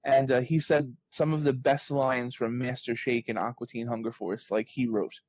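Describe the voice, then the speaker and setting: A man in his early thirties, a guest telling stories in a casual interview, lively and full of "like" fillers. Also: medium pitch, normal speed, dry recording. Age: early 30s. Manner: animated storyteller, heavy on "like" fillers. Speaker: guest, author and journalist.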